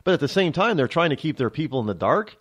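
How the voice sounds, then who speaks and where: A man's voice: a little high, sing-song, fast talker. An American man hosting a talk radio show, delivering a rambling, emphatic political monologue full of restarts and asides. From United States.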